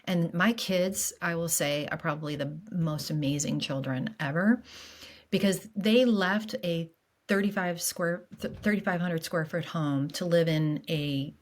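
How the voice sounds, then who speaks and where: Halting, earnest middle-aged woman, lowish voice. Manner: halting, full of fillers and restarts; openly emotional, earnest. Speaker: podcast guest. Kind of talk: candid conversation about grief.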